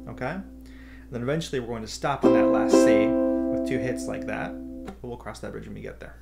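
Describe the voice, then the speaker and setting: A man's voice: mid-range voice, brisk, vocal fry, loud music behind the voice. A man teaching a beginner ukulele lesson, explaining step by step and counting beats aloud. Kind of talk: instructional explanation. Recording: ukulele playing throughout.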